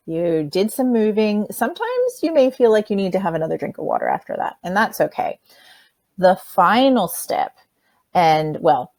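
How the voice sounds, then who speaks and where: A woman calmly teaching children simple breathing steps in a workshop lesson, speaking plainly and straight to them. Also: medium pitch, dry recording. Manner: demonstrates by breathing sounds.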